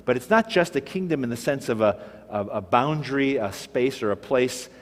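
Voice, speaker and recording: A man teaching a patient, step-by-step language lesson, pausing to have listeners repeat each word. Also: medium pitch, big-room sound. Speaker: Hebrew teacher. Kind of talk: classroom-style language lesson.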